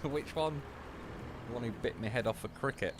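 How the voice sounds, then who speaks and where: A man's voice: mid-range voice, moderate pace, noisy background. A young man livestreaming a game, chatting casually and rambling through anecdotes, swearing freely. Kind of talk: casual chat while gaming.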